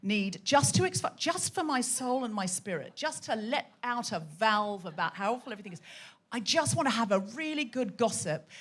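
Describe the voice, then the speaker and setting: Brief: woman comic host, bright higher voice with a very animated pitch, teasing chatty crowd work on stage. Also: moderate pace, few pauses. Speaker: comedy podcast host. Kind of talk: live stand-up hosting to an audience. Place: hot theatre stage with a live audience.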